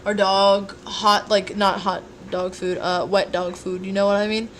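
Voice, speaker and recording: While cooking in her home kitchen, a tired young livestreamer chats with her viewers, rambling and playful, with sing-song asides. Her mid-range voice shows little pitch movement and keeps a measured pace. There's a little hiss or hum, plus clear kitchen clatter behind.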